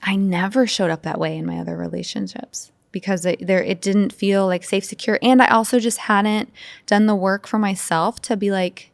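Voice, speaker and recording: A woman speaking as a podcast guest, telling stories in an open, animated way with lots of fillers. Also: medium pitch, moderate pace, vocal fry, dry recording. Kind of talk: casual interview conversation.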